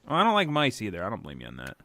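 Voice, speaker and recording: Teasing man with a lively voice. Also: on the low side, racing, no room sound. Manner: teasing, narrates his co-host's antics. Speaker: podcast co-host. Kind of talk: casual podcast chat.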